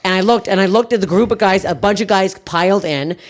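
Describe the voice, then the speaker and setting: A woman's voice: mid-range voice, fast. A woman from Canada hosting a podcast, telling a story in casual chat, brash and profane, acting out the people in it. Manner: brash, profane, animated storyteller who acts out other people. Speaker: comedian and podcast host.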